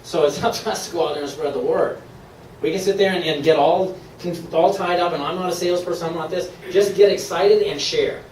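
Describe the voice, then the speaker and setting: A man from Maine giving an upbeat, persuasive sales pitch to a live room, laughing often. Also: moderate pace, a little mellow, roomy sound, distant mic, slight background noise, poor audio. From Maine, USA. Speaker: presenter at a sales meeting. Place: meeting room.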